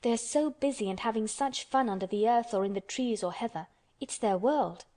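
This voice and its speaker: A woman's voice: fairly high pitch, brisk, dark tone, close to an everyday voice. A woman voicing a blunt, stubborn young orphan girl who speaks earnestly in a storybook. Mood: eager. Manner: earnest, contrary storybook telling.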